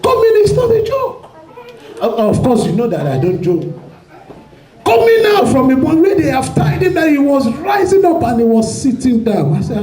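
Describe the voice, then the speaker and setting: A man who is a pastor, preaching a sermon with fervor and shouting prayer declarations. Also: very high voice, big pitch swings, moderate pace, roomy sound, poor audio. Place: church hall.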